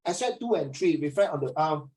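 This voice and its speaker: A man's voice: on the high side, lively intonation, a little fast, warm tone, rough recording. A Singaporean man teaching a class, chatty, slipping Chinese into his English and acting out little dialogues. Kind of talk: classroom lesson.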